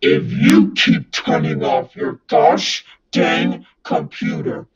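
A man voicing a furious evil-mode computer error entity with a harsh, gravelly, toneless voice and a scolding, threatening manner. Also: a little high, muffled recording, exaggerated voice. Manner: scolding, threatening, shouting bursts.

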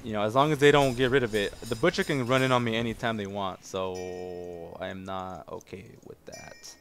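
A young man commentating his own gameplay, excitable and casual, yelling at teammates and swearing, then calmly explaining strategy. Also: lowish voice, normal speed, faint music behind.

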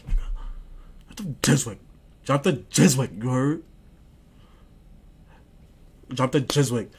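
Young male streamer, casual slangy boasting, repeats himself, mid pitch, faint background noise. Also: slow pace, creaky, long pauses. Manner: slangy, boastful, repeats phrases, often drops to a mutter. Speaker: livestreamer. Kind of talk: casual stream chat, reading and answering chat.

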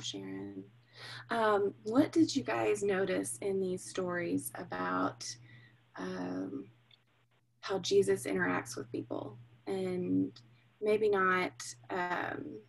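A woman's voice: medium pitch, gravelly, husky, poor audio. A woman leading a group discussion, hesitant with many ums. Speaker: discussion leader.

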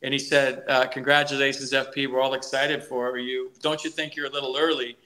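A middle-aged man spins stories from his playing days with animated energy. His voice has a bright, forward edge. He often stumbles over his first words before the point lands. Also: medium pitch, a little fast. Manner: energetic, animated storytelling with repeated restarts. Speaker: guest, former ballplayer and broadcaster. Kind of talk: storytelling in a podcast interview.

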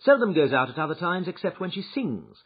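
A man reading an audiobook, voicing a shrewd male detective who recounts his adventure with lively, wry storytelling, on a dull lo-fi recording. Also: a little high, brisk, breathy edge. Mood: amused.

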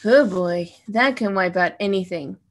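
A woman doing a brisk starship doctor. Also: mid-range voice, slight background noise, natural voice. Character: ship's doctor on a spaceship comm.

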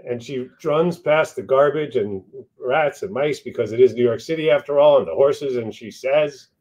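A man's voice: mid-range voice, moderate pace, a little mellow, poor audio. A man co-authoring and reading aloud his children's picture book, narrating in a storytelling way with some restarts.

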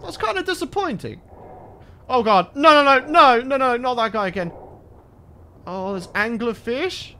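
Male let's-play host, lively sing-song pitch, easily spooked. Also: a little slow, long pauses. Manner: jittery, exclaims and repeats himself when scared. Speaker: gaming channel host.

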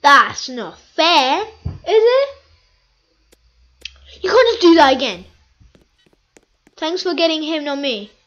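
A woman giving excitable, chatty commentary over her own gameplay video, repeating phrases over and over. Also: high-pitched, slow, long pauses. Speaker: gaming video host.

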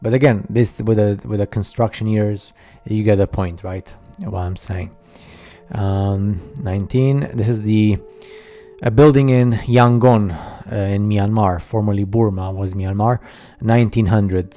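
A man talks over a slideshow in a very dark, mellow voice set fairly low. He narrates casually and haltingly, with many fillers and skeptical asides. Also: fairly even intonation, faint music behind. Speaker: video narrator.

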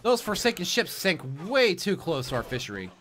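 Man reading a fisherman fixing boats, earnest, bright tone, bouncy pitch. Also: big pitch swings, moderate pace. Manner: reading quest dialogue aloud, a bit brighter and louder. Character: determined male fisherman repairing boats. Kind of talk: reading game dialogue during a playthrough.

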